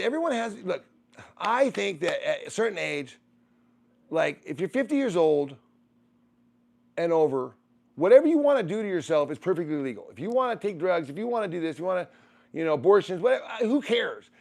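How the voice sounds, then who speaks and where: A man hosting a casual livestream, reading out viewer comments in a rambling, animated way, swearing freely and laughing often. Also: high-pitched, gravelly.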